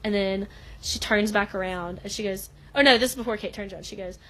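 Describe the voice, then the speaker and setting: A young woman co-hosts a podcast, recapping things in a casual chat with lots of laughter and plenty of "like." Her medium-pitched voice is a bit bright and moves a little fast.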